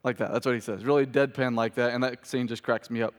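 A man's voice: medium pitch, fairly even intonation, fast. A man pastor giving a sermon in a church, casual and joking with the congregation. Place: church sanctuary. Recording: hall reverb.

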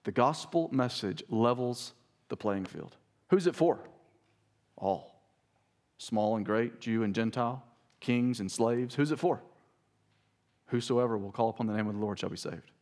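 A man's voice: lively intonation, normal speed, long pauses, mellow. A man, a pastor, preaching a sermon. He reads scripture aloud with rising emphasis and breaks in with asides to his congregation. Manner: preaching, rises in pitch and volume when reading scripture aloud; talks straight to the congregation with asides like "listen".

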